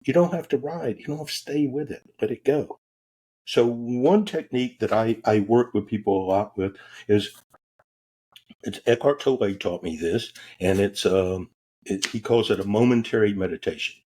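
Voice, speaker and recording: A man, a podcast guest, telling stories in a casual, animated way, acting out the voices he quotes and cursing offhandedly. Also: lowish voice, normal speed, husky. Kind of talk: casual storytelling.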